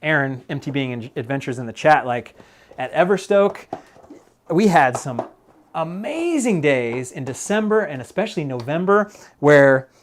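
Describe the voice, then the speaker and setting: A man's voice: on the high side, sing-song, a little slow, a little hiss or hum. A man chatting casually on a live stream while he works on a mountain bike, rambling with lots of fillers and laughs.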